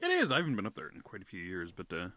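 Bright, lively podcast co-host man. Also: low voice, rapid-fire, no echo. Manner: relaxed, chatty, reads listener questions. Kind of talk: casual chat.

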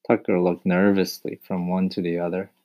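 A man narrating a children's audiobook in a calm, measured way. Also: deep voice, highs cut off. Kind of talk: scripted narration.

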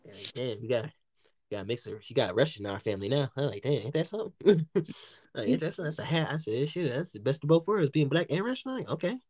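A man from the United States hosting a casual podcast chat, telling stories in an animated way with lots of slang and swearing and acting out what people said. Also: medium pitch, brisk, no echo. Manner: animated storytelling, heavy slang and swearing, acts out quotes. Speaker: podcast host.

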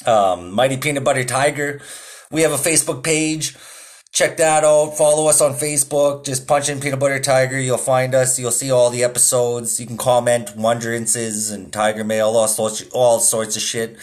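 A man's voice: medium pitch, fairly even intonation, moderate pace. A man hosting a podcast, chatting casually with a loose, rambling delivery and frequent swearing. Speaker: podcast host. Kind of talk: profane casual podcast chat.

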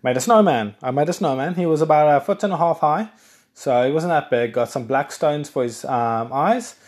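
Chatty South African man, slightly high voice. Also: moderate pace. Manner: rambling, chatty, self-correcting, excitable bursts. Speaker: podcast host. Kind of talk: casual solo podcast chat.

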